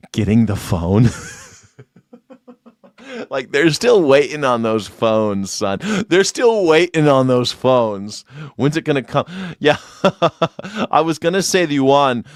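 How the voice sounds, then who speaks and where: A man's voice: on the low side, clear, resonant tone, dry recording, studio quality. A man hosting a live stream in a sarcastic, mocking tone, laughing often and repeating his taunts.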